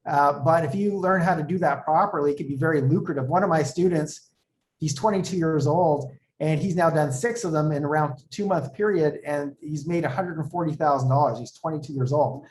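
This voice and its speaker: A man with a somewhat high voice speaks as a real estate coach on an interview show. He explains things conversationally and acts out bits of dialogue as he tells stories. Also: fairly quick, slight background noise.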